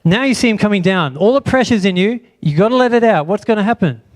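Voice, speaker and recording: A man's voice: sits high, animated, quick pace. A man preaching a sermon in church, asking the congregation question after question. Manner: asks the congregation many rhetorical questions. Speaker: pastor.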